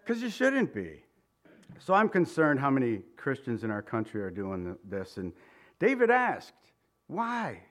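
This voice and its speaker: A man preaching a sermon, animated and acting out the voices he quotes. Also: mid-range voice, measured pace. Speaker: pastor.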